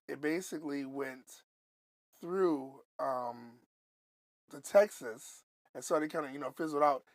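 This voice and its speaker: A man from Buffalo, New York telling a story on a podcast, animated and loose, swearing and going off on asides. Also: fairly high pitch, no echo. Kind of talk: casual storytelling.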